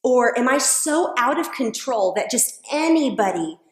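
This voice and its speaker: A woman's voice: a little high, animated, a little slow. A woman co-hosting a faith-based conversation, earnest and emphatic, telling on herself. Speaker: co-host. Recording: echoey room.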